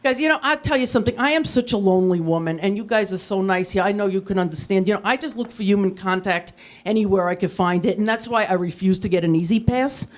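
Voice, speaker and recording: A woman with a medium-pitched voice talks fast as she performs a stand-up set in a TV studio before a live audience. The comic delivers self-deprecating punchlines in a dry, matter-of-fact way.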